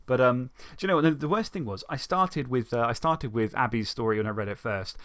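Chatty podcast host with a dry close mic. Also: male voice, medium pitch, fairly quick, a bit bright, no room sound. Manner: chatty, laughs easily, self-deprecating. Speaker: podcast host and story reader. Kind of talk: casual chat and story narration.

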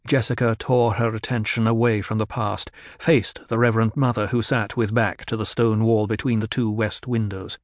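A man narrating a novel in a measured, steady storytelling voice. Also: lowish voice, no room sound, studio quality. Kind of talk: audiobook narration.

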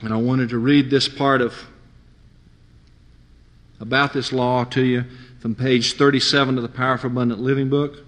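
Guy preaching w/ lively stories, bright voice, big echoey hall. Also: mid-range voice, moderate pace, pauses often. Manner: animated storyteller, mimics friends. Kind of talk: sermon with storytelling. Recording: long hall reverb.

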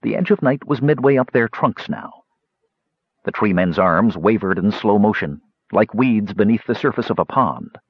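A man reads a fantasy story aloud in an expressive way, with a lively melody that rises and falls. His voice is husky, and the recording is dry and slightly dull. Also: lowish voice, normal speed, no echo. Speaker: audiobook narrator. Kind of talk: scripted narration.

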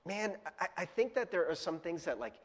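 A man's voice: sits high, sing-song, a little fast, in a large hall. A man preaching a casual, chatty sermon as pastor, asking his small audience questions and laughing often. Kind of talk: conversational sermon. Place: church hall with a projector.

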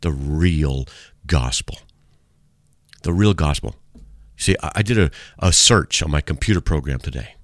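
A man's voice: extremely low pitch, a little slow, pauses often, no room sound, studio quality. A man hosting a radio talk as a street evangelist, preaching in a fervent, repetitive, emphatic way.

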